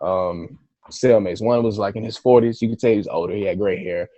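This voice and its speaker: A man guest on a podcast, telling a story in a casual, animated way, swearing freely and acting out his own reactions. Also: on the low side, fairly quick, no echo.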